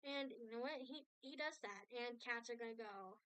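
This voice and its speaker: A woman's voice: a little high, moderate pace, fairly bright tone, smooth, dry recording. A woman art streamer telling a long story in casual chat, rambling with many restarts and asides.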